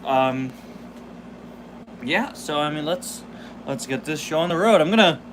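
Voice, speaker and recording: A man's voice: fairly high pitch, lively intonation, measured pace, noisy background. A man in his twenties hosting a casual live stream, chatting, laughing and reading the chat aloud while chewing candy. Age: 20s. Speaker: host.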